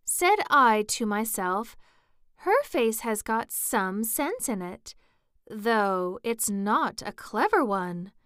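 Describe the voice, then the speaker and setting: A woman's voice: fairly high pitch, very animated, takes it slowly, a bit bright, clean tone, no echo, studio quality, exaggerated voice. A woman voicing a prim, severe female rose flower in a storybook reading, with a lecturing manner.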